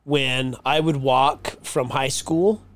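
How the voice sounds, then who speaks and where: A man co-hosting a casual podcast, swearing a lot and teasing his friend, often breaking into loud laughter. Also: mid-range voice, steady tone, slow pace, slight background noise. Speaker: podcast co-host. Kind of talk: casual chat.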